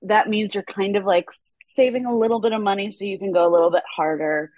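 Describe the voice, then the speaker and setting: A woman TV writer talks loosely as a podcast guest, full of fillers and quick laughs. Her voice sits at a middle pitch and sounds dry and close, with no room around it. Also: fairly even intonation, dry recording, narrow, tinny audio. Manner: chatty, many fillers, laughs often. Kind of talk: casual interview chat.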